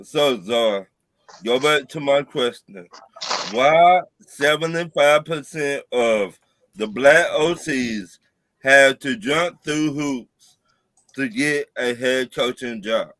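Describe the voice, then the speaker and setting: A man's voice: medium pitch, takes it slowly, fairly bright tone, no echo, low-quality recording. A man co-hosting a casual sports debate. He presses the others with pointed questions. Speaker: podcast co-host.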